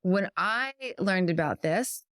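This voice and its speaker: A woman's voice: lowish voice, animated, slow, fairly bright tone, no room sound, studio quality. Earnest, reflective middle-aged woman co-host. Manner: earnest and reflective, explains at length with self-corrections. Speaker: podcast co-host. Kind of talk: casual conversational podcast.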